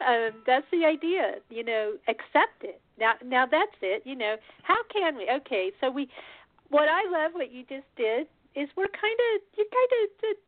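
A woman's voice: high-pitched, very animated, normal speed, no echo. Rambling woman host on a phone line. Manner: rambling, laughing, self-deprecating. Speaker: radio show host. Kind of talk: casual interview talk.

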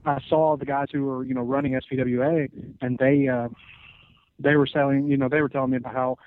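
A man in his twenties, a wrestler guest on a podcast, answering casually with many halting pauses. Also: medium pitch, level tone, dry recording. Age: 20s. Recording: tinny phone-like sound.

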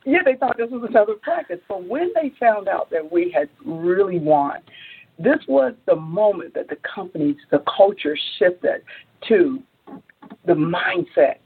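A woman entrepreneur, interviewed as a guest, tells a story with animation, acting out quotes and rising high when excited, with many restarts. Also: measured pace, breathy edge. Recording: phone-like narrow audio.

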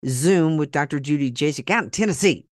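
A man's voice: a little high, lively intonation, a little fast, no echo, clean studio sound. A man from Oklahoma with an Oklahoma accent, hosting a podcast in a blunt, folksy, rambling way. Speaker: podcast host. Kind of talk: casual chat with a guest, then a sponsor plug.

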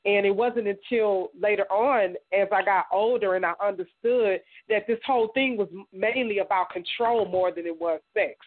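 A woman from Indiana, an interview guest, giving a halting personal testimony full of "you know.". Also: medium pitch. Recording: tinny phone line.

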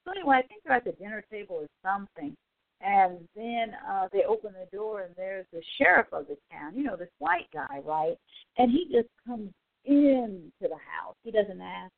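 A woman hosting a casual talk show, telling a story in an animated way and acting out the quotes, sounding exasperated. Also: medium pitch, normal speed, no room sound. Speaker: show host. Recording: phone-like dry audio.

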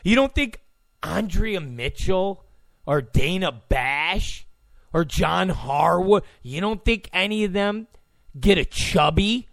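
A man's voice: high-pitched, expressive, takes it slowly, vocal fry, fairly bright tone, no room sound. A man hosting his own podcast, delivering a profane, combative and mocking rant. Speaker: podcast host. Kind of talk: ranting monologue.

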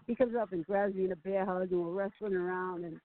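A woman's voice: mid-range voice, fast. A woman guest on a phone-in chat show, telling stories with lots of laughter and acted-out quotes. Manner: animated storyteller, laughs often, acts out quotes. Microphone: phone call. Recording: tinny phone line, dry.

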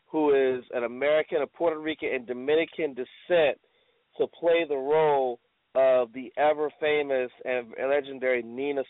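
A man's voice: a little high, dry recording. A man hosting an online radio talk show, chatting casually and loosely with lots of slang and fillers. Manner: laid-back, slangy, rambling with fillers. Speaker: podcast host. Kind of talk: casual internet radio chat. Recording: tinny phone-like line.

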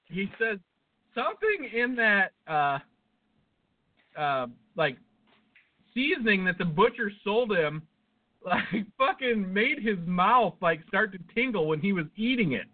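A man co-hosting a podcast speaks slowly in a high, sing-song voice, swearing freely as he rambles through stories. The sound is thin and phone-like.

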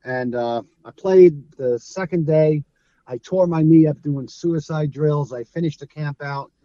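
Speaking unhurriedly in a voice on the high side, a Brooklyn-born, middle-aged ex-streetball player spins stories as an interview guest. His New York accent comes through as he animatedly mimics the people in his tales and laughs a lot, all in a relaxed conversation. The recording is dry and the audio dull.

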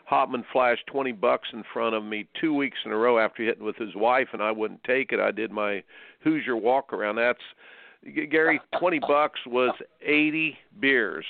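A man in his seventies from Indiana, hosting a radio tennis show and telling stories with bursts of excited exclamations. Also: medium pitch, gravelly, dry recording. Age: 70s. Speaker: tennis coach and host. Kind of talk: radio show interview, storytelling. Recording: tinny dry phone line.

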